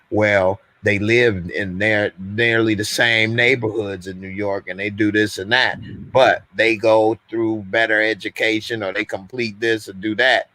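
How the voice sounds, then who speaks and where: A man hosts a casual call-in live stream, holding forth at length in a loose, everyday way. His voice is bright and forward, and the sound is dry and close, with no room around it. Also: lowish voice, no echo. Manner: loose, conversational, talks at length. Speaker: host.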